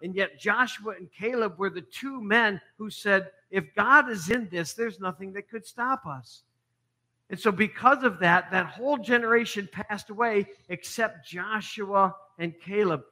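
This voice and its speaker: A middle-aged male pastor tells his sermon like a story at a measured pace. His high-pitched voice drops to hushed lines and then rises to emphatic ones.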